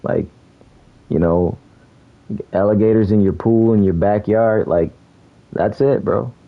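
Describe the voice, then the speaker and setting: A man's voice: lowish voice, measured pace, narrow, tinny audio. A young man from South Florida chatting casually while streaming a game, laid-back, laughing often and calling people bro. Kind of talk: casual chat while gaming.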